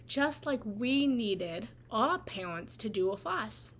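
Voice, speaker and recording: Higher-voiced woman teaching, conversational. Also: sing-song, takes it slowly, few pauses, a little hiss or hum. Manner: conversational, tags lines with "right?". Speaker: meditation and spiritual teacher. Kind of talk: live guided talk on feelings.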